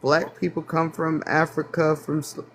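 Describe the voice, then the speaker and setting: A man from the United States speaking on a phone in a live online panel debate, halting and hedging, with many restarts. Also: fairly high pitch, level tone, a bit bright, a little hiss or hum. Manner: halting, full of restarts and self-doubt. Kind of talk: casual debate.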